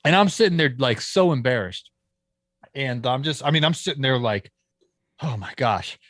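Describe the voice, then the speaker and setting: This man runs a landscaping business and appears as a podcast guest, spinning a lively story and performing the dialogue of those he quotes, frequently starting over mid-thought. The casual interview has studio-quality, dry audio, and his mid-range voice keeps an ordinary speed.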